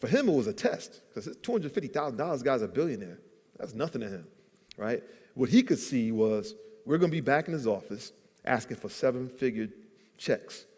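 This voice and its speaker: A man tells a story from a stage, his voice at an ordinary middle pitch. He acts out the people he quotes and builds the story up with energy. A long reverb from the hall follows his words. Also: brisk. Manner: animated storyteller acting out quotes. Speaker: guest entrepreneur. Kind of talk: storytelling in a church talk. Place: church event hall.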